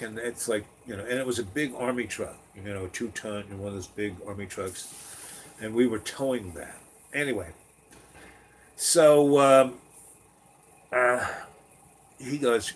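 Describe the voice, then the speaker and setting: A man's voice: medium pitch, a little hiss or hum. A man telling a long personal story in a meandering, chatty way, full of fillers and restarts. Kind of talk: rambling personal anecdote.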